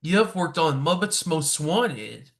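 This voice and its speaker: A man hosting a podcast, reading short prepared interview questions in a flat way. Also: fairly high pitch, measured pace. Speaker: podcast host.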